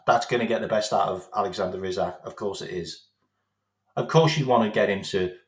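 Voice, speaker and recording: A man's voice: fairly low pitch, a bit bright, roomy sound. A man delivering a sarcastic, sweary football rant as a vlog host, repeating his points. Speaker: football fan vlogger. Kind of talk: ranting monologue.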